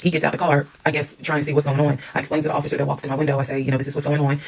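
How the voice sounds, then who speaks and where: A woman's voice: low-pitched, completely flat delivery, racing, gravelly, hardly any pauses, darkish tone, a little hiss or hum, low-quality recording. A woman telling a personal story in a casual storytime monologue, candid and emphatic, swearing freely.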